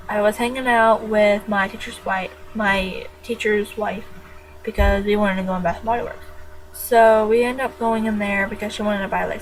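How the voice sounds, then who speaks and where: A woman's voice: mid-range voice, a little hiss or hum, poor audio. A teenage girl chatting casually in her own vlog, rambling and jokey with frequent giggles. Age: teens. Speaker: vlogger.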